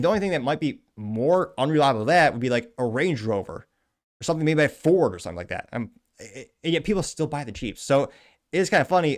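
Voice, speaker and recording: A man hosting a show, reading out a news article and adding wry, chatty asides in casual commentary. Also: on the high side. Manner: wry, chatty, quick asides and self-corrections. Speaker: show host.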